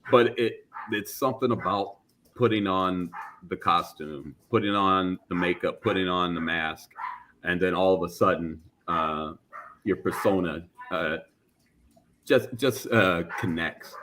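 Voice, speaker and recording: A man's voice: low-pitched, unhurried, sharp tone, a little hiss or hum. A man talking casually on a podcast panel about cosplay, rambling with fillers and restarts.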